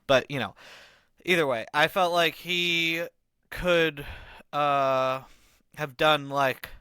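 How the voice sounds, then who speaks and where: Guy rambling through a fight breakdown on his podcast, bright crisp voice, lots of ums and bro. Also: mid-range voice, no room sound. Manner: rambling, frequent fillers and casual slang. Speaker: podcast host. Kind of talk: casual fight analysis monologue.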